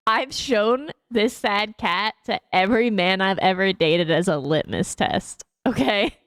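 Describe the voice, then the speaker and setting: A woman's voice: mid-range voice, slow pace, a bit bright, no echo. Woman streamer, casual rambling chat, self-mocking with lots of giggles, mid-range voice, close and dry. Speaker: livestreamer.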